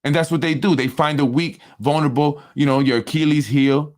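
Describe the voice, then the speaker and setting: A man hosting a casual political commentary show, animated and repetitive, often asking "right?" and acting out what others said. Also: fairly high pitch, a little fast. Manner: animated, repetitive, with frequent tag questions; acts out other people's speech in quoted voices. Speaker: political talk show host.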